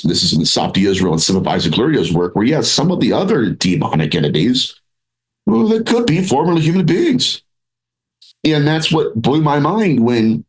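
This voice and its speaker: Lively low-voiced man in an interview. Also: rough recording. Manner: animated, rambling with restarts, acts out quoted voices. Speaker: paranormal researcher and author, podcast guest. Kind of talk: conversational interview.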